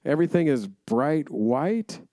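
Relaxed man filling in plot details. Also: fairly high pitch, unhurried, no room sound. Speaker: podcast co-host. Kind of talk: casual chat.

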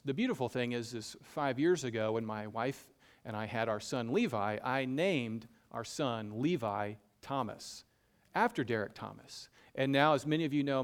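Southern guy preaching, easygoing sermon, jokes at his own expense, says stuff twice. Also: mid-range voice. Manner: folksy, self-deprecating, repeats for emphasis. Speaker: pastor. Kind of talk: conversational sermon.

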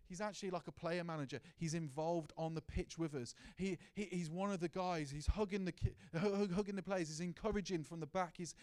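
Guy preaching, earnest and personal, slightly high voice, goes quiet sometimes. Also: steady tone, brisk, few pauses. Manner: earnest, personal, drops to a hushed voice at times. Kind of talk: sermon.

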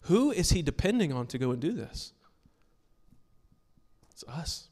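Male pastor, slightly high voice, emphatic sermon delivery, long church-hall reverb. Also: big pitch swings, a little slow, long pauses, darkish tone. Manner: emphatic, earnest preaching with storytelling asides. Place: church sanctuary with a congregation.

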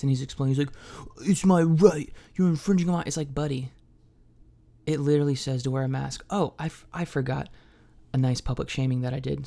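A man's voice: medium pitch, vocal fry, darkish tone. A young man hosting a solo podcast, telling a story in a casual, profane, self-mocking comic way. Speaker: podcast host.

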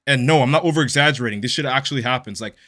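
A man's voice: mid-range voice, racing, sharp tone. A young man hosting a podcast as an online fitness coach, ranting bluntly with lots of swearing in a casual, fired-up monologue.

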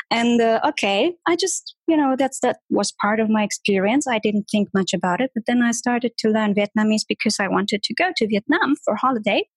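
A woman, a guest on a podcast, talking in a lively way and playfully imitating voices. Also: fairly high pitch, dry recording. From Germany. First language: German. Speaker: guest, conversation designer. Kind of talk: podcast interview.

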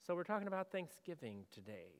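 A male pastor preaching a sermon in a conversational way, asking the congregation questions and moving between loud and hushed delivery. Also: on the high side, big pitch swings, fast, in a large hall.

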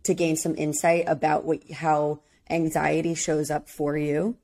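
A young woman co-hosting a podcast, talking in a relaxed, reflective way about coping with anxiety. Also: deep voice, unhurried. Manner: relaxed, reflective, gives advice on handling anxiety. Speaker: podcast co-host. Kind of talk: casual chat.

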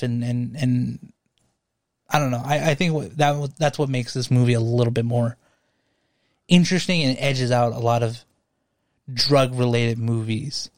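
A man's voice: mid-range voice, fairly even intonation, a little slow, pauses often, no echo. A man co-hosting a laid-back film podcast, talking in a mid-range voice. He rambles and circles back with fillers as he works out his points. The sound is dry and close. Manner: rambling, lots of fillers and restarts. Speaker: podcast co-host. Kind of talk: casual movie chat.

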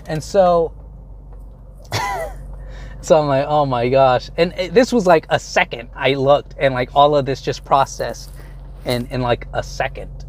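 A man's voice: medium pitch, wildly swooping pitch, measured pace, pauses often. A young man casually retelling a story from his car, rambling, swearing a lot and breaking off mid-sentence. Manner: rambling, profane, self-interrupting retelling. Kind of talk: casual storytelling while driving.

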